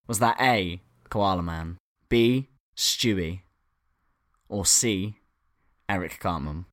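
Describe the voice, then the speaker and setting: A man's voice: sits low, slow pace, a bit bright. A man hosting a casual podcast quiz, laughing often and swearing casually. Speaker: quiz host.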